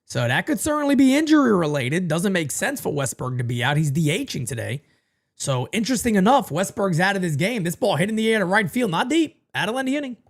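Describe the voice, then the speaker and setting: A man calls a baseball game live for his stream, his voice swooping up in excited bursts and dropping low for quick asides. He talks into a desk microphone at home, casual and chatty with his viewers. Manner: animated, jumps between hype and low asides. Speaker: live baseball watch-party host. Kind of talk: live play-by-play commentary and sponsor read.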